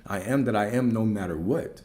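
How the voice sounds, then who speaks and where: Male spiritual coach, low mellow voice, emphatic preaching with repeated lines and rhetorical questions. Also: moderate pace.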